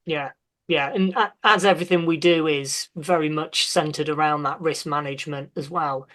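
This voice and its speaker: A man's voice: fairly high pitch, fairly even intonation, moderate pace, fairly bright tone. A man hosting a casual podcast discussion, speaking thoughtfully and with some hesitation as he searches for words. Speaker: podcast host.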